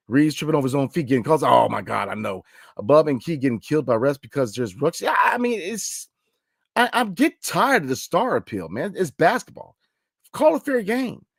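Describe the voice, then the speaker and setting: A man hosting a late-night sports podcast, his pitch leaping up and down as he talks. He speaks in a loose, animated way, with slang and a lot of "like I said". The sound is close and dry, with no room around it. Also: no room sound. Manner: animated, talks through slang and repeated fillers. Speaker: podcast host.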